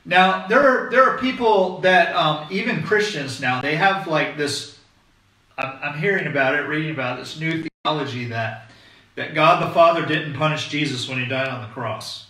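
Male pastor, slightly high, bright voice; conversational, emphatic sermon; distant mic, echoey hall. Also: normal speed. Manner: conversational, emphatic preaching with frequent "okay?" check-ins.

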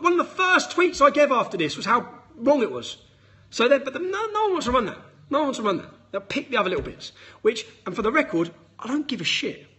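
Man, talks to camera, high-pitched, husky edge, emphatic and blunt. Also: sharp tone. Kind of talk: direct-to-camera statement.

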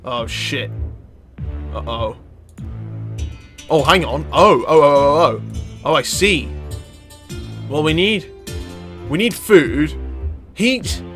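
A young man gives fast-reacting let's-play commentary into a desk mic. His voice sits a little high for a man, and he jumps between mutters and loud yelps. He swears freely and chats to the game's characters as if they were standing in front of him. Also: soft background music. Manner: excitable, swears and laughs, talks to game characters. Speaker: gaming channel host.

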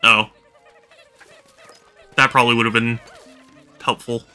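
A man's voice: mid-range voice, flat delivery, slow, pushed and bright, soft background music. Tired, rambling man streaming a game. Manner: rambling, many fillers and restarts. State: tired, yawning. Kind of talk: casual live-stream commentary.

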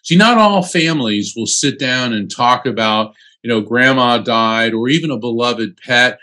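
A man's voice: medium pitch, normal speed. Chatty male psychic telling stories. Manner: animated, chatty, with frequent "um" fillers. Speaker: psychic medium and attorney, interview guest. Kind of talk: casual conversational storytelling.

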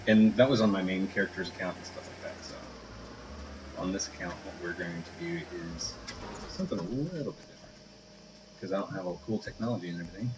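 Low-voiced man chatting over a game. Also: quick pace. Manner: rambling, chatty, playful. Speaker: game video host. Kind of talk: casual let's play commentary. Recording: dull lo-fi audio with hiss.

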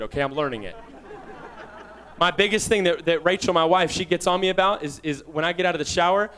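A young man preaching with a notably high voice, fervent and urgent. He swings from hushed asides to loud shouted calls, keeping a lively, personal sermon tone. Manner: fervent, rising to shouts, with quick asides and laughs. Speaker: guest preacher.

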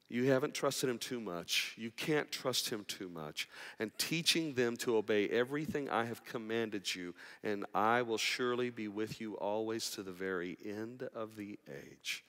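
A man pastor preaching a sermon, moving between quiet, intimate passages and raised, urgent appeals. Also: on the low side, normal speed, hardly any pauses. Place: church sanctuary. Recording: long reverb of a large hall.

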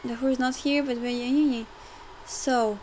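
A young woman rambling through casual gameplay commentary, full of fillers and quick to get frustrated, recorded at home on a desktop mic. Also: sits high, fairly even intonation, a little mellow, slight background noise, poor audio. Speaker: game let's player. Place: home room, car audible outside.

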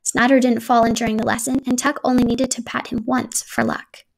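A woman reading a children's picture book aloud in a gentle, even storytelling manner. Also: on the high side, fairly quick, vocal fry.

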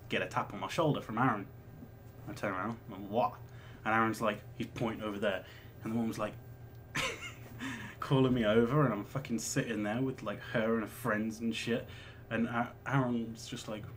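A man in his twenties chats casually as a vlogger answering viewer questions, rambling and swearing as he goes. His voice is lowish and a bit bright, with a little hiss or hum.

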